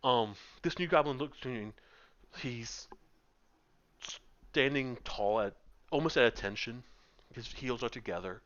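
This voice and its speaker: A man's voice: medium pitch, measured pace, long pauses, fairly bright tone. A man narrating a tabletop game as game master, describing scenes at length with frequent ums, over muffled voice-chat audio. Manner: descriptive, many filler ums.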